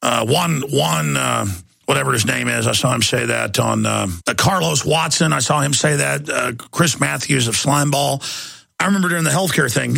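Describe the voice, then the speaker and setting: A man's voice: medium pitch, moderate pace, vocal fry, sharp tone, dry recording, clean studio sound. A man hosting a talk radio show, ranting sarcastically and acting out little exchanges. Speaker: radio host.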